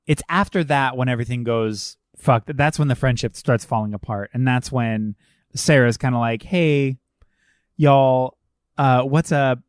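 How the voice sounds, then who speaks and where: Male podcast co-host, mid pitch, animated and profane, dry close recording. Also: moderate pace, no room sound. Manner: animated, swearing, acts out film lines. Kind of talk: casual film discussion.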